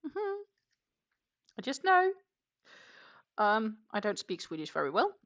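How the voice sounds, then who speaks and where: Slow and slightly high-pitched, her fairly bright voice swoops wildly up and down, though the audio is dull. She is a Danish crochet live streamer chatting casually from home, reading viewer comments aloud with many fillers in a blended Danish, Dutch and English accent.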